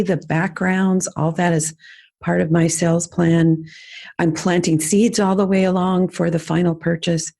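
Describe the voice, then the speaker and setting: A middle-aged woman hosting a podcast, casually teaching sales lessons with enthusiastic coaching. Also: fairly low pitch. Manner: warm enthusiastic coaching, lively demonstrations.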